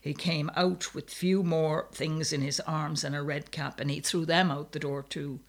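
A man reading a story aloud in a measured, steady narration. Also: a little high, vocal fry.

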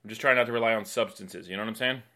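A man with a bright, forceful voice telling a funny story on a podcast. He talks loosely and animatedly as a comedian co-host, slipping into acted-out voices as he goes. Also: lowish voice, rapid-fire. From New York City. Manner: animated, acts out voices with laughs. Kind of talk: casual storytelling chat.

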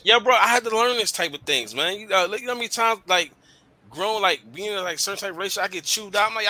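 A young man hosts a casual podcast and speaks bluntly about relationships. His voice is very bright, and his talk is loose, slangy and full of swearing. He gets animated as he makes his points. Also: high-pitched, quick pace. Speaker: podcast host.

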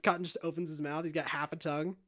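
A man casually retelling a film scene by scene, animated and jokey. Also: fairly high pitch. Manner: animated retelling, quick shifts into character voices and quotes. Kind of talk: casual movie recap chat.

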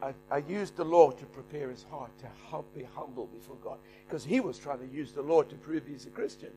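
A middle-aged man preaching, animated, shouting and laughing as he tells a story. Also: a little high, fairly quick, soft background music. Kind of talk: sermon storytelling.

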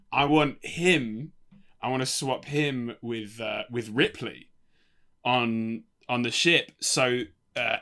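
A man's voice: medium pitch, pushed and bright. A man co-hosting a casual film podcast, rambling and swearing easily. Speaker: podcast co-host.

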